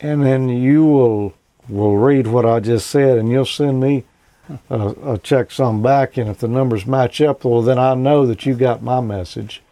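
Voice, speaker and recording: Male host, folksy relaxed explainer, dry close recording. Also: medium pitch, a little slow, dry recording. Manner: relaxed, folksy, plenty of "you know" and "uh". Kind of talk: casual technical explanation.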